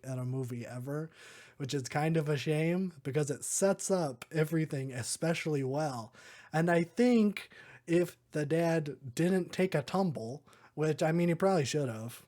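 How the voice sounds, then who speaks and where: A man's voice: fairly high pitch, mellow. A man hosting a podcast, casually recapping a movie in a rambling way, chuckling often and filling his talk with "like". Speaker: podcast host.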